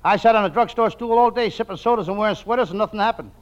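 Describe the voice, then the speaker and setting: A man with a high, quick voice delivers his lines in a whiny, excitable way, a 1940s radio comic. The sound is muffled and lo-fi, like an old radio transcription. He talks at a rapid clip. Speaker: comedian, comic partner.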